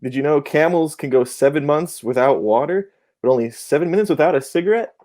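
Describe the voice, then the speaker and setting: Mellow-voiced man telling jokes. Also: a little high, fairly quick. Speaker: comedy segment guest. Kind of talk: stand-up joke delivery.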